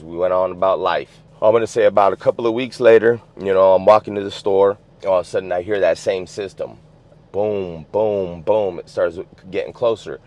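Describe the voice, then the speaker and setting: His voice low and a little mellow, a man from the US West Coast tells a story with casual, streetwise slang, plenty of swearing and frequent "you know what I'm saying" fillers. The sound quality is dull and lo-fi.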